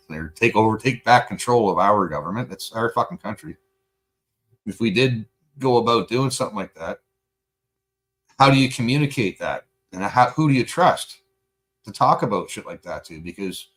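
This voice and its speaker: A man's voice: lowish voice, fairly bright tone. A Canadian man talking casually and heatedly on a livestream, rambling with lots of swearing and fillers while answering chat. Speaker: livestream host.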